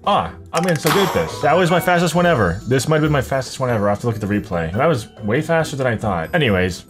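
A man's voice: mid-range voice, big pitch swings, fast talker, soft background music. A man doing casual gameplay commentary, thinking aloud, muttering word guesses and swearing at hard words. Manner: greets viewers with "ladies and gentlemen". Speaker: gaming YouTuber.

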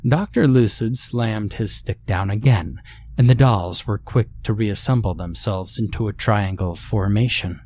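Guy reading a creepy story, slow and steady, lowish voice, faint hiss behind. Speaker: horror story narrator. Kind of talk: scripted horror narration.

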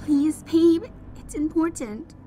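A woman's voice: extremely high pitch, slow, mellow, faint music behind. A woman voicing a tough young mare who swears freely and talks back with defiance. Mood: wary.

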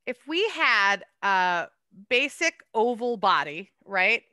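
A woman art docent leading a hands-on clay lesson, chatty and quick to laugh at herself. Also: mid-range voice, sing-song, pushed and bright, dry recording.

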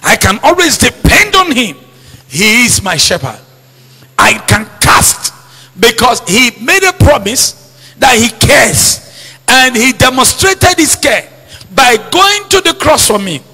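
A man preaches in a high, lively voice that swings up and down, bright and husky at once. He keeps repeating his key lines and quizzing the congregation on them. His voice rings with long reverb through a church hall. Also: slow. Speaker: pastor. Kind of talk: sermon.

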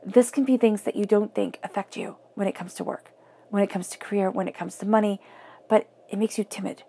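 A woman giving an earnest tarot reading, often dropping her voice to a soft near-whisper for emphasis. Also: mid-range voice, steady tone, fairly quick, gravelly, slightly rough. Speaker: tarot reader.

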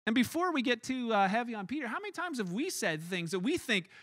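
A man preaching in an animated, conversational way, acting out scenes as he goes. His voice is high and bright, and it sounds close and dry with almost no room echo. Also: fast. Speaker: pastor. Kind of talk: sermon. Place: church.

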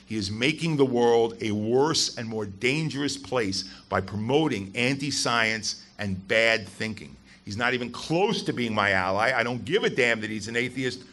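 Male guest speaker at a live event: bright, punchy voice, blunt and emphatic, swears freely. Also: mid-range voice, moderate pace. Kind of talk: live public talk to an audience. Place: event hall with a live audience.

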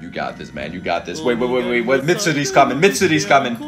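A man hosting an anime reaction, talking casually and excitably, swearing often and breaking into shouts. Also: medium pitch, fast talker, music in the background. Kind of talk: live reaction commentary. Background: anime soundtrack and dialogue playing.

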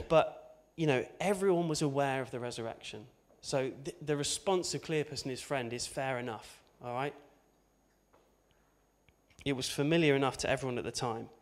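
A man's voice: mid-range voice, moderate pace. A man preaching an informal sermon, conversational and chatty, with asides and tag questions.

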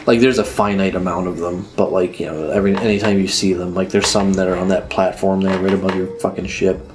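A man's voice: deep voice, steady tone, fast talker. A young man casually coaching a friend through a video game, laughing and swearing as he goes. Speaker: let's play co-host. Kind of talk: casual gaming chat. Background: game music.

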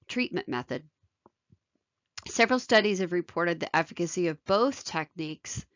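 A lower-pitched woman surgeon narrates a medical lecture in a measured, technical tone. Her voice is close and dry, with a dull, lo-fi sound. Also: a bit bright, no echo. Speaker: thoracic surgeon.

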